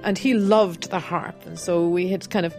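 A woman's voice: lowish voice, fairly even intonation, moderate pace, over music. Reflective woman harp teacher. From Ireland. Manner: candid, reflective, with soft laughs. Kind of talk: radio interview.

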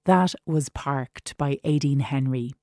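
An Irish continuity announcer reading radio play credits in a measured, formal way. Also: mid-range voice, darkish tone, no room sound.

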